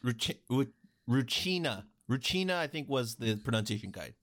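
A man's voice: mid-range voice, lively intonation, fast talker. A man co-hosting a sports podcast, chiming in with short playful, supportive remarks. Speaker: podcast co-host. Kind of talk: casual sports podcast chat.

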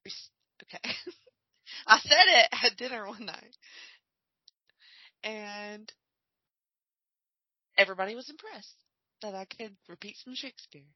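Slow-talking woman on a podcast, trails off quietly, dry room, a bit muffled. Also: medium pitch, slightly rough, no room sound. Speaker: podcast co-host. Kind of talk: casual chat during a movie watch-along.

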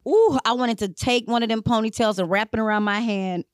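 A woman's voice: on the high side, a little fast, clean tone, no echo, clean studio sound. A young woman, co-hosting a podcast, telling stories in casual chat and acting out the dialogue with lots of profanity. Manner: animated, profane, acts out dialogue. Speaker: podcast co-host.

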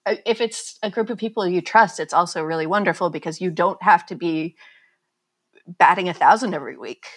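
A woman's voice: on the low side, fairly quick, breathy edge. A woman author being interviewed, talking candidly and chattily and laughing at herself. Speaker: author guest. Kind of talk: casual conversational interview.

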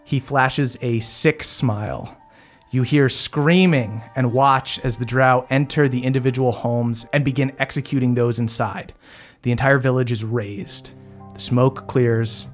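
A young man narrating a tabletop fantasy game as game master, casually with many fillers. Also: mid-range voice.

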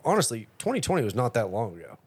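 A man hosting a casual podcast interview, a roper himself, teasing his guest and telling stories in a lively way. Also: medium pitch, fast talker, husky. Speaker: podcast host and rodeo roper.

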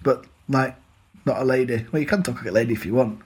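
A man's voice: mid-range voice, fast, a little mellow, husky. A young man co-hosting a football podcast, chatty and self-mocking, often calling his co-host "mate". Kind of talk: casual chat.

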